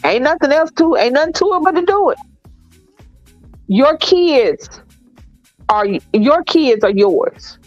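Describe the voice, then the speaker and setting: A blunt, opinionated woman with a Southern US accent holds forth in casual chat and drags words out to make a point. Her voice sits a little high. The sound is dry and a bit dull. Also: animated, no room sound, faint music behind. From American South. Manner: blunt, opinionated, drawn-out emphasis. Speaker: co-host.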